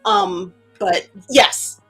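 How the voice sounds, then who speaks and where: A woman co-hosting a casual livestream chat, excitable and rambling, often laughing at herself. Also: very slow, soft background music. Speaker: co-host.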